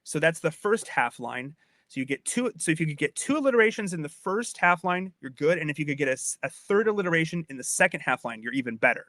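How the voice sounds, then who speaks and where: A podcast host with a higher-side, pushed and bright voice talks at a quick, animated pace in studio-quality audio with no echo. He's giving a casual lecture on Old English poetry, chatty and a little tipsy from wine, often repeating and restarting phrases and checking that his listener follows.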